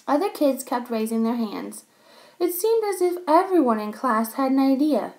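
A woman reading a children's story aloud, pausing to explain things to young listeners. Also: high voice, sing-song, darkish tone.

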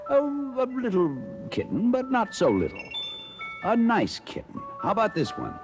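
An actor playing a jolly old Santa Claus who hosts a toy-guessing game for children, with hearty chuckles and a coaxing manner, in a 1950s children's record. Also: male voice, sits high, wildly swooping pitch, measured pace, heavily acted. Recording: old mono LP with music behind. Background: music.

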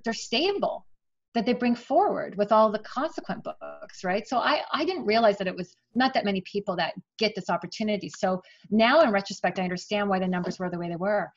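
A middle-aged woman talks about her writing in an animated, chatty way, full of asides and quoted dialogue. She sits in the middle of the usual pitch range for a woman. The audio sounds dull and lo-fi. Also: fast talker. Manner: chatty, animated, emotional at times. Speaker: author guest. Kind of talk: casual interview storytelling.

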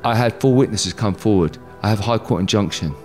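A man's voice: fairly low pitch, brisk, a little mellow, soft background music. A middle-aged man from England, a guest in an interview, talking candidly with emphatic, heated bursts and jokey asides.

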